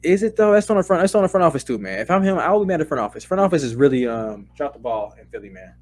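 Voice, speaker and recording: Fast-talking fired-up man. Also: fairly high pitch, very animated. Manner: heated, profane, rising to shouted rants. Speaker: podcast co-host. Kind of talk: casual sports talk.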